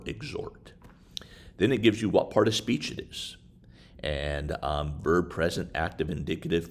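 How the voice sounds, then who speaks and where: A man giving a casual screen-share tutorial on study software, talking in a halting way with many fillers. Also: rumbling low, slight background noise. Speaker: instructor. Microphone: desktop microphone while screen recording.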